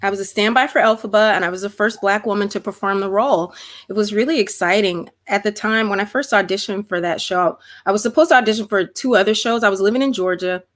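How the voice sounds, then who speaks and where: A middle-aged woman talks animatedly over a video call, full of restarts and "like"s. Her pitch sits in the middle and her voice comes through a home call setup. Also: fast. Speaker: guest performer. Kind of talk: casual video-call chat.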